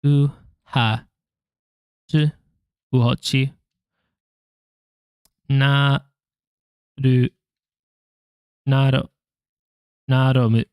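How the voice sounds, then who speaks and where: A man's voice: mid-range voice, little pitch movement, drawn-out words, long pauses, a little mellow, clear, resonant tone, no echo. Young man, casual self-talk, sounds out syllables, jokes at own mistakes, dry close sound. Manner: muttering syllables, self-deprecating jokes, chatting to viewers. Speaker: language learner vlogger. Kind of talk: casual self-talk while drilling flashcards.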